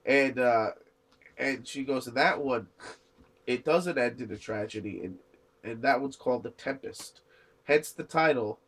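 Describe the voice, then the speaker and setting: A young man casually recapping an anime episode, rambling with many fillers and restarts and briefly acting out the characters' lines. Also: medium pitch. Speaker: anime reviewer.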